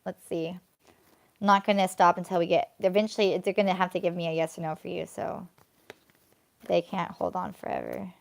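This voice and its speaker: A woman's voice: on the low side, gravelly. Chatty woman doing a live tarot reading. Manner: chatty, drawn-out, breaks into excited squeals. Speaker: tarot card reader.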